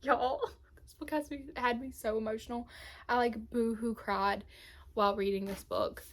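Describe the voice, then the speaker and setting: A woman's voice: on the high side, fairly even intonation, normal speed. A young woman, chatting to camera about books she loved, gushing and emotional, dropping to a whisper at times. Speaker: booktube vlogger. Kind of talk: casual book review chat.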